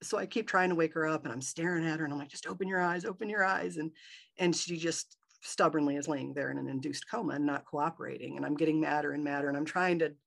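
Gravelly-voiced woman telling her story. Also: low voice, fast talker. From Michigan, USA. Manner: animated, acts out her own inner thoughts in quotes. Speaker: guest. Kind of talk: personal storytelling in a podcast interview.

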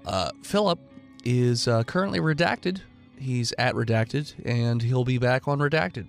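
A male game master whose voice is nasal from the flu. He hosts and narrates the game with playful banter and an animated, lively pitch, filling gaps with ums. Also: unhurried, creaky, faint music behind. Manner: playful banter, explains with fillers. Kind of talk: hosting and narrating a tabletop game.

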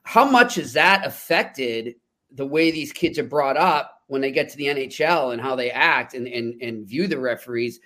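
A man's voice: mid-range voice, lively intonation, moderate pace, sharp tone. A man co-hosting a podcast, asking a guest long conversational questions. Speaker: podcast host. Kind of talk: casual chat.

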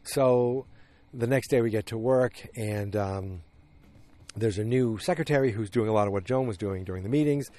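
Low-voiced man rambling through a recap. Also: moderate pace, mellow. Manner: meandering retelling with frequent restarts and fillers. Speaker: podcast host recapping a TV episode. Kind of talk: casual recap monologue.

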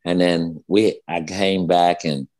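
A man's voice: deep voice, fairly even intonation, slow pace, darkish tone. A man in his fifties, a former basketball player, telling a heated story as a guest, swearing freely and repeating himself. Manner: profane, heated, repetitive storytelling. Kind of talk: casual storytelling interview.

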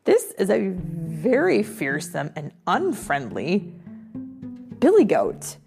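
A woman's voice: on the low side, wildly swooping pitch, slow pace, vocal fry, over music. A woman reading a fairy tale aloud to a child with playful, chatty asides to the listener. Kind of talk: playful read-aloud storytelling.

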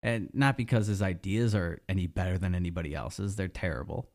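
A man's voice: low-pitched, a little fast, a little mellow. A man giving a casual, sarcastic opinion monologue as a political commentator, rambling and swearing freely. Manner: sarcastic, profane, rambling with restarts.

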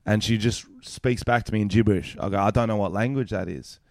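A man's voice: fairly low pitch, a little fast, vocal fry, a little mellow, no room sound, clean studio sound. A young Australian man, a stand-up comedian, telling a story in casual podcast chat, swearing a lot and acting out both sides of the exchange.

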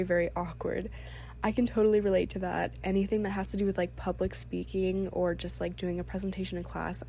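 A woman's voice: mid-range voice, creaky, a little mellow, slight background noise. A young woman vlogging in a casual, chatty way, reading out viewers' embarrassing stories and reacting with frequent "like"s and giggles. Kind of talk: casual chat.

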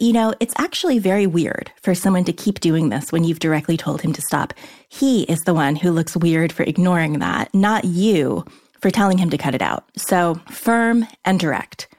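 Lady giving straight-talking advice, kinda low voice, chatty and direct. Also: darkish tone. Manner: frank, direct, conversational. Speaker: advice columnist. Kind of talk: answering a listener letter.

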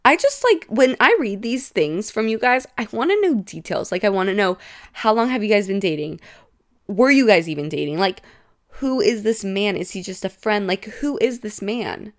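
A woman's voice: medium pitch, very animated, normal speed. A young woman hosting a casual podcast, talking in a gossipy, reactive way with lots of "like" filler. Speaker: podcast host.

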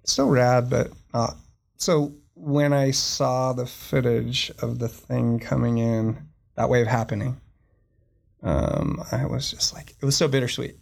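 Male podcast guest with a gravelly voice and mid-range pitch, casual and rambling. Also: a little mellow. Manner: rambling, searching for words, many fillers. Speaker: podcast guest, surfer and filmmaker.

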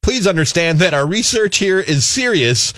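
A man's voice: high-pitched, animated, a bit bright, no room sound. A man co-hosting a comedy talk show, reading odd news stories aloud and mocking them sarcastically. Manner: sarcastic, quick to mock the story he reads. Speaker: radio show co-host.

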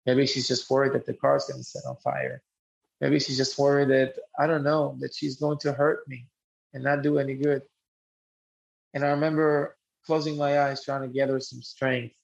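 Earnest man with a gravelly voice. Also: mid-range voice. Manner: reflective, earnest, with frequent restarts. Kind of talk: personal storytelling. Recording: muffled lo-fi recording.

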